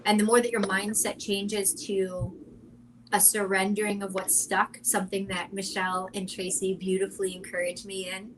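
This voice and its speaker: A woman's voice: medium pitch, level tone, normal speed, background noise. A woman who coaches clients, chatting earnestly and animatedly on a round-table podcast, prone to asides. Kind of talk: casual round-table chat.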